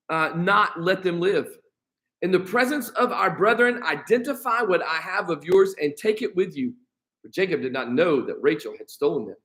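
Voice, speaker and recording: A man's voice: high-pitched, fairly bright tone, rough recording. An American man teaching a Bible study as a pastor, reading scripture aloud and retelling it in casual everyday speech. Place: church.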